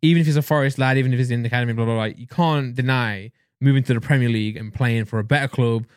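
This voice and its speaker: Fast-talking Northern English man. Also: mid-range voice, clear, resonant tone, dry recording, studio quality. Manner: rapid, excitable football banter with restarts. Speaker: podcast co-host. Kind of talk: casual chat.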